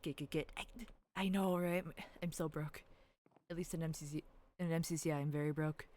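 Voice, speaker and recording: Streaming gameplay, this woman keeps up casual commentary for her chat, rambling, giggling and squealing whenever cute characters appear. She speaks fairly quickly in a low, steady, darkish voice.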